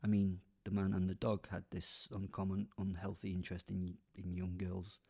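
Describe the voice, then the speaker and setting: Man, sardonic storyteller, rambling asides, fairly low voice, dark tone. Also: completely flat delivery, moderate pace, creaky, breathy edge. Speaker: narrator and lead character. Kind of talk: darkly comic serial narration.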